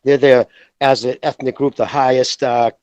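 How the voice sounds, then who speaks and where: A man's voice: medium pitch, fairly even intonation, normal speed, a little mellow, smooth, dry recording, dull audio. A man co-hosting a casual podcast, talking bluntly and heatedly with heavy swearing. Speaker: podcast co-host.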